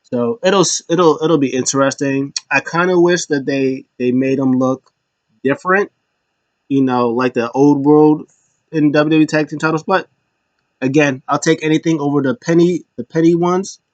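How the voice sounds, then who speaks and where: A man's voice: fairly high pitch, steady tone, normal speed, no echo, highs cut off. A man casually recapping a wrestling show, rambling with restarts and small chuckles.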